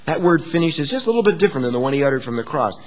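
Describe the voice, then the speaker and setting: Man, pastor, sermon, high-pitched, very animated, hushed-to-emphatic delivery, long hall reverb. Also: rapid-fire, slight background noise. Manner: dynamic preaching, swings from hushed to emphatic.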